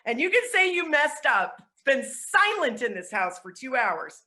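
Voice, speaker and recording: Bright-voiced woman giving an energetic pitch. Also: normal speed, hardly any pauses. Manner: energetic and chatty, laughing at herself. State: sweaty and flustered. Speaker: network marketing speaker. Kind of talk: motivational online presentation. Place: at home with dogs.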